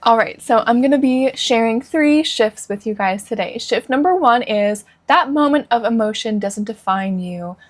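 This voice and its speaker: A woman's voice: on the high side, normal speed, few pauses, faint music behind. A woman who coaches Christian women gives an earnest, encouraging devotional teaching talk and asks her listeners questions.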